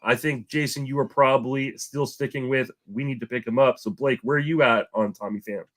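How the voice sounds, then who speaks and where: A man's voice: medium pitch, steady tone, brisk, fairly bright tone. A man hosting a fantasy baseball podcast, chatting casually and laughing often. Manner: laughs often, jokes about sarcasm. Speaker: podcast host.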